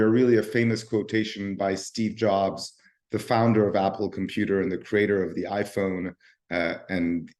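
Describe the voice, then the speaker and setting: Slightly hoarse man presenting. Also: lowish voice. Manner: relaxed, talks with fillers and restarts. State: hoarse from voice overuse. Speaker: guest speaker, nonprofit founder. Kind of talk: live-stream presentation. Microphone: video call.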